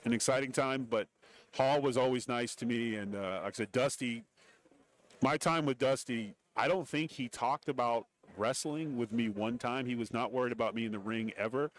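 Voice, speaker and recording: At a normal speed and in a mid-range voice, a middle-aged former wrestler and TV commentator guests on a radio show in a radio row broadcast booth. He's an animated storyteller in this casual interview, acting out quoted voices as he goes.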